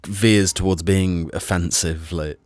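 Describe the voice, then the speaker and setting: Chill podcast dude, slow talker, swears a lot, dry sound. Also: male voice, low-pitched, steady tone, no echo. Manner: laid-back, teasing, swears casually. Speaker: podcast co-host. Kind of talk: casual comedic chat.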